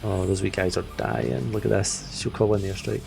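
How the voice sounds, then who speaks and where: A man's voice: fairly low pitch, steady tone, a little fast, creaky, music in the background. A man casually commenting while he plays a video game, chatty and jokey, with enthusiastic asides. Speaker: gaming video host. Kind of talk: casual commentary over gameplay.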